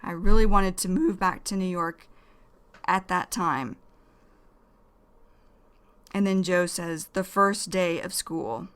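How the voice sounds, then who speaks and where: A woman teaching English vocabulary in a slow, careful lesson, repeating each key phrase. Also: on the low side, fairly bright tone, smooth.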